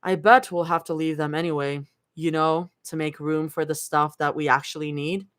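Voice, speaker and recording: A woman reading fan fiction aloud, voicing a snappish, sardonic young woman in a low, clipped, sulky tone. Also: steady tone, normal speed, dry recording, lightly acted.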